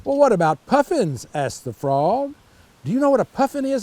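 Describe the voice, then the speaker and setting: An older man reading a children's picture book aloud, pausing to chat about the pictures. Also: sits high. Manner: slow, lively storytelling with asides about the pictures. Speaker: storytime reader.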